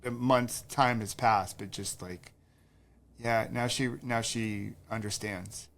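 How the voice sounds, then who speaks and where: Soft-spoken empathetic male podcast host. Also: lowish voice, fairly even intonation, slow pace. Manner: empathetic, thoughtful questions with restarts. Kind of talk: interviewing, conversational.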